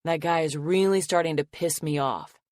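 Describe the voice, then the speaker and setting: A woman voicing a protective, possessive young man who curses casually and grumbles low. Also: moderate pace, a little mellow, no echo, clean studio sound, lightly acted. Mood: grumbling. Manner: gruff, curses casually, drops his voice low.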